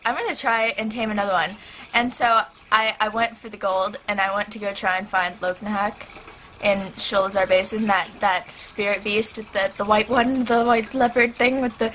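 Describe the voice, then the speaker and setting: Bright-voiced, gushing young woman vlogger. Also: mid-range voice, low-quality recording. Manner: excitable, rambling, heavy use of "like". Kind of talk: casual chat to camera. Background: turtle tank filter hum.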